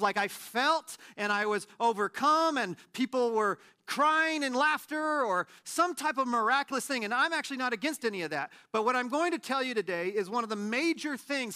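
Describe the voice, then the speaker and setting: Male pastor, late 30s, bright high voice, casual animated sermon delivery. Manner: animated, conversational, self-deprecating humor.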